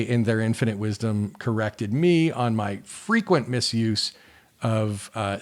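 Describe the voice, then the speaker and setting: A man co-hosting a podcast in casual chat, wry and joking, often breaking into laughter while reading a listener email aloud. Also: fairly low pitch. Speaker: podcast co-host.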